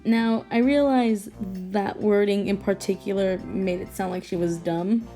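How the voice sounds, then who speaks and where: A woman's voice: mid-range voice, fairly even intonation, a little slow, warm tone, faint music behind. A young woman rambling casually at home about her own character drawing, restarting sentences and laughing often. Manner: rambling, self-interrupting, giggly. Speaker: artist vlogger. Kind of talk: casual late-night rambling.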